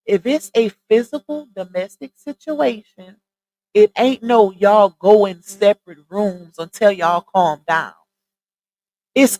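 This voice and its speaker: A woman with a Southern Louisiana accent hosting a live stream, chatting casually and straight to her viewers on a boom-arm mic. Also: sing-song, a little slow, darkish tone, poor audio. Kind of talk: casual chat. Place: home streaming setup. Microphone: side-mounted boom arm mic.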